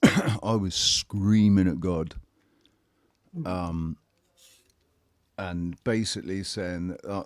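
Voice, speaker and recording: A man's voice: sits low, steady tone, no echo. A man telling a personal story in casual chat, blunt and candid, swearing and often restarting his sentences. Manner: halting, with frequent restarts.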